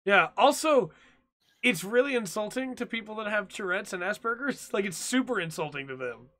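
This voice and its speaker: Bright-voiced man joking around on a podcast. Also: sits high, expressive, normal speed. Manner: joking, teasing banter. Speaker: podcast co-host. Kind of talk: casual chat.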